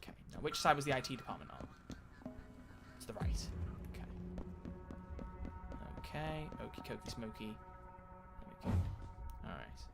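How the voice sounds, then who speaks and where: A man chatting casually on a live stream while playing a game, animated and quick to swear. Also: on the low side, gravelly, loud music behind the voice.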